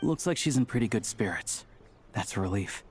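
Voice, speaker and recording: An actor playing a composed, helpful adult man in game dialogue, calm and measured. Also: on the low side, soft background music, close to an everyday voice.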